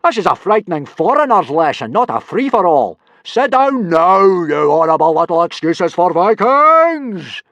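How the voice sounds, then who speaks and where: A man's voice: high voice, very animated, a little slow, hardly any pauses, fairly bright tone, no room sound, pitched above the performer's own voice, heavily acted. Bellowing giant Viking teacher, read by a man, dry close storybook voice. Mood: yelling. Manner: bellowing, roaring. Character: huge booming male Viking teacher.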